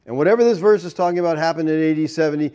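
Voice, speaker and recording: Man teaching a sermon, fairly high voice. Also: rapid-fire, dark tone, smooth. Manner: explanatory, checks in with "okay?" often. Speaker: preacher.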